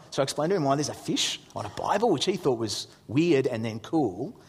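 A middle-aged man, preaching a sermon as an animated storyteller who acts out his son's lines. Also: mid-range voice, a little fast, breathy edge. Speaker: pastor. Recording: long hall reverb.

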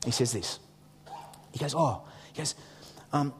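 Animated preacher in a reverberant hall. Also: male voice, medium pitch, moderate pace, pauses often, a little hiss or hum. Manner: animated storyteller, acts out his son's lines. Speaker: pastor. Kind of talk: sermon.

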